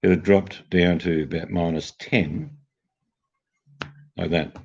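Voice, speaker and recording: A man's voice: sits low, fairly even intonation, takes it slowly, creaky, husky. An older man with an Australian accent, chatting casually and telling jokey stories to a livestream audience. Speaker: livestream host. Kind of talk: casual chat. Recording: dull lo-fi sound.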